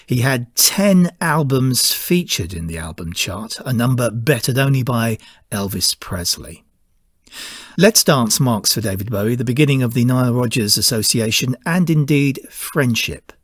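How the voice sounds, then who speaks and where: A man hosting a music podcast, reading scripted narration in a measured, informative way. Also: medium pitch, expressive, breathy edge, dry recording, clean studio sound. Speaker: podcast host.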